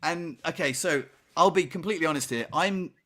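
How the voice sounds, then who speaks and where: A man's voice: on the high side, fairly quick, pushed and bright. A man co-hosting a podcast, chatting casually and telling a story with lots of "you know" and "right?" asides. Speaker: podcast co-host. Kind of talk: casual chat.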